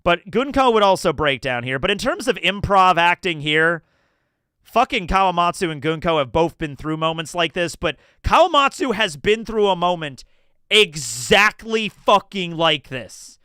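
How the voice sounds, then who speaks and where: A man's voice: sits high, very animated, moderate pace, pushed and bright, smooth, dry recording, studio quality. A man streaming live, rambling through casual commentary, swearing and laughing as he goes.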